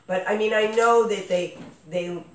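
A man's voice: high-pitched, steady tone, a little slow, a bit bright. A man hosting a casual podcast chat, rambling with lots of fillers and restarts. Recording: echoey room with faint noise.

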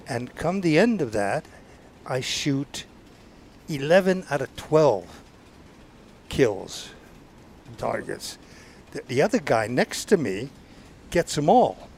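Older Southern US podcast guest, storyteller, stammers and restarts, voice in the middle range. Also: male voice, mid-range voice, sing-song, takes it slowly, creaky, pauses often, darkish tone, a little hiss or hum. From Georgia, US. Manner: rambling, stammering restarts, sound effects. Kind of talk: casual storytelling.

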